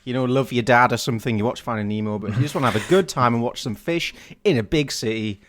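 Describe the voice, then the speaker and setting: A man's voice: medium pitch, quick pace. A man co-hosting a comedy podcast, giggly and self-mocking in casual chat. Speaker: podcast co-host.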